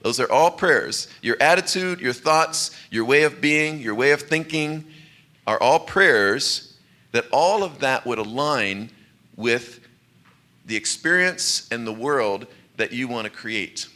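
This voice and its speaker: Male minister, bright and forceful voice, easygoing sermon delivery with frequent light laughs. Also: medium pitch, animated, slow pace. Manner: conversational and light, laughing often. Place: church sanctuary.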